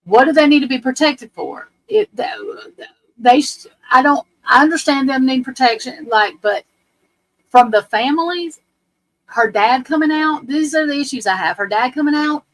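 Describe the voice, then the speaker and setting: A woman's voice: sits high, moderate pace, rough recording. A woman hosting a livestream, ranting bluntly and with profanity about a court case. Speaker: livestream host. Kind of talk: casual livestream commentary.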